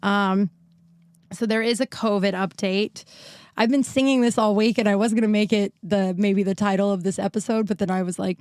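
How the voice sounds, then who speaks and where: A woman's voice: medium pitch, fairly even intonation, normal speed, darkish tone, no room sound, studio quality. A woman in her thirties hosting her own podcast, rambling frankly with many restarts while still recovering from an illness. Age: 30s. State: recovering from illness, short of breath. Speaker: podcast host. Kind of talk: casual solo podcast monologue. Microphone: new podcast mic.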